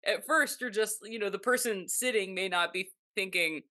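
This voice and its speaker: Chatty bright-voiced woman podcast host. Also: mid-range voice, moderate pace. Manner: chatty, full of "like" and quoted asides. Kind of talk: casual chat.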